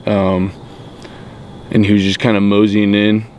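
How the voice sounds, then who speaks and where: A hunter outdoors, shaken and trembling with excitement, talking in halting, breathless bursts and repeating himself. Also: male voice, lowish voice, slight background noise. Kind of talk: excited field vlog talk.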